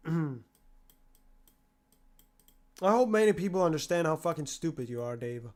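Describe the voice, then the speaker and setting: A man's voice: fairly high pitch, expressive, unhurried, pauses often. A young man livestreaming, ranting in a profane, exasperated way and mocking the people who harass him. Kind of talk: angry rant on a livestream.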